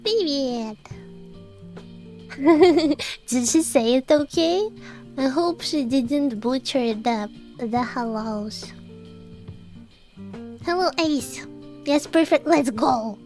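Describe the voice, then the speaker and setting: High-pitched woman livestreaming, super slow drawn-out talk, lots of giggles, faint music behind. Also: expressive, a little mellow. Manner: giggly, greeting chat viewers one by one. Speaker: VTuber streamer. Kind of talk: casual livestream chat.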